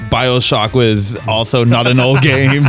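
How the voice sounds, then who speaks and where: A man's voice: medium pitch, steady tone, takes it slowly, a bit bright, soft background music. A man co-hosting a podcast, teasing his friends and laughing often. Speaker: podcast co-host. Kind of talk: casual banter.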